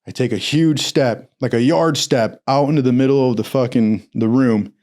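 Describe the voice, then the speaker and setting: A man telling a comic story in a casual, profane, animated way. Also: mid-range voice, moderate pace.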